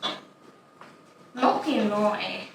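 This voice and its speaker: A woman's voice: medium pitch, animated, slow, gravelly, slight background noise. A woman playing an imaginative, chatty young child, delivering a dramatic monologue, childlike and plain-spoken. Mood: playful. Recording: roomy echo, distant mic, faint ambience.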